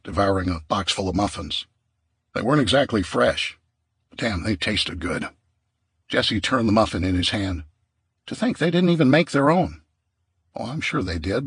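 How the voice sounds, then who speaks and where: A man reading a survival audiobook in a steady, measured narration. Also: on the low side, breathy edge, dry recording.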